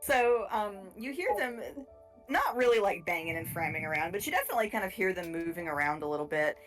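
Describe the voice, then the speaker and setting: A woman game master narrating a tabletop game in a relaxed, rambling way, laughing often. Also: medium pitch, a little fast, faint music behind, low-quality recording.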